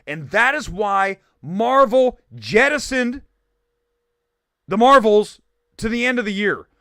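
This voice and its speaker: A man from Ohio hosting a live film talk stream, ranting quickly with animated, mock-shouted asides. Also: sits high, dry recording, clean studio sound. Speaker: livestream film show host. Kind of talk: animated livestream rant.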